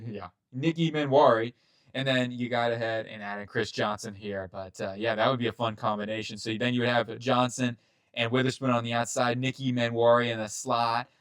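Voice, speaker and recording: A man's voice: mid-range voice, a bit bright, dry recording. Rambling, chatty man talking football. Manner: rambling, chatty, quick asides and self-corrections. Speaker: channel host reacting to a mock draft. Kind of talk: casual sports commentary.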